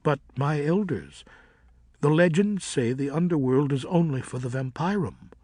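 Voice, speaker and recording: A man's voice: on the high side, moderate pace, warm tone, no room sound, clean studio sound, pitched above the performer's own voice, lightly acted. A man voicing a young, curious and headstrong male bat who speaks earnestly and impatiently.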